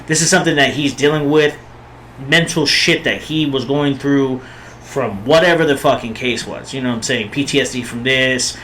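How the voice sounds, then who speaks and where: A man's voice: medium pitch, normal speed, fairly bright tone, slight background noise, poor audio. A man co-hosting a podcast, talking bluntly in casual chat and swearing a lot for emphasis. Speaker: podcast co-host.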